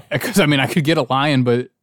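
A man's voice: mid-range voice, moderate pace, fairly bright tone, no room sound, studio quality. A man chatting casually with friends, telling crude stories and laughing often. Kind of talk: casual chat among friends.

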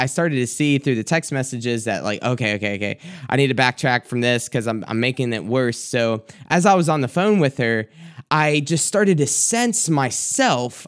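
A man's voice: medium pitch, smooth. A young man, a youth pastor, telling a candid personal story of his own mistake as a sermon testimony, with lots of casual fillers.

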